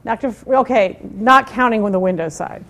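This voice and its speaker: A woman's voice: on the high side, moderate pace, a bit bright. A woman in her fifties, from the United States, giving a live technical talk with a chatty, informal manner, wry asides and questions to the audience. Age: 50s. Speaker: conference speaker.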